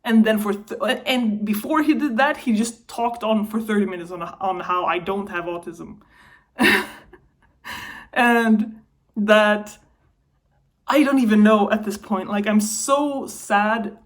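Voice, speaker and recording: A woman's voice: medium pitch, takes it slowly. A young woman in a personal vlog, talking to camera while upset and venting, her voice wavering between anger and tears. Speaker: vlogger.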